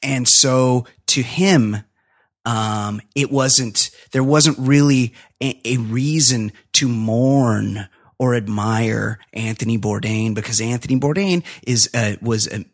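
A man's voice: mid-range voice, slow. A man hosting a podcast, chatting casually in long, rambling, profane rants. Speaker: podcast host.

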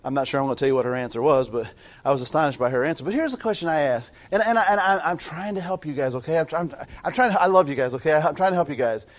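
A man pastor preaching a sermon, swinging from quiet asides to shouted peaks, often restarting his sentences. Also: a little high, rapid-fire.

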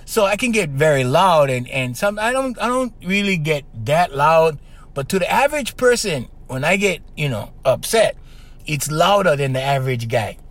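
Lively high-pitched podcast host. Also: male voice, normal speed. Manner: animated storytelling, keeps asking "right?"; trained singer's strong voice. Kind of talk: casual podcast monologue.

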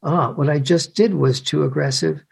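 Brief: older male author, gravelly fry, slightly high pitch, hesitant restarts. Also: moderate pace, a little mellow. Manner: hesitant, full of restarts, acts out scenes. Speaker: author and guest. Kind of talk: conversational explanation.

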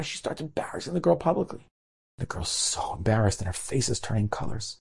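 A man, a rabbi, telling a story in an animated way and acting out the characters. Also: mid-range voice, fairly quick, vocal fry. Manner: animated, acts out characters' voices. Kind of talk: storytelling talk.

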